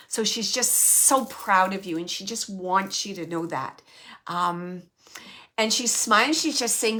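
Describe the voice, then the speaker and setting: A woman medium giving a gentle live reading, passing on messages from a spirit in the first person. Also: medium pitch, a little slow.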